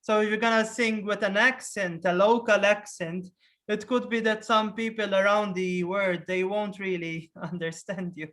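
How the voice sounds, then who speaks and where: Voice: medium pitch, steady tone, moderate pace, fairly bright tone. A rock guitarist from Malta with a Maltese accent, chatting in an interview and often restarting sentences. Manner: hesitant, with frequent restarts and laughter. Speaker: rock band guitarist, guest. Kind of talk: casual interview chat.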